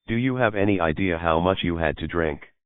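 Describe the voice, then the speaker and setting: Evasive young man voiced by the reader, deep and defensive, dry phone-like audio. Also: brisk, dry recording, lightly acted. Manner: defensive, exasperated.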